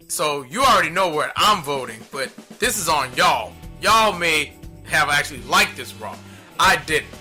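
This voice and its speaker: Bright, ranting male wrestling reviewer. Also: on the high side. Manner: ranting, exasperated, blunt. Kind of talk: solo opinion commentary.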